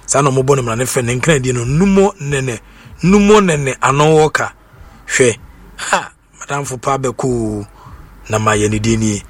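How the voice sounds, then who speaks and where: A man with a Ghanaian accent presents on radio, reading notices and a tribute. His voice is husky and sits at a middle pitch. He talks in a loose, chatty way, tripping over names and repeating them.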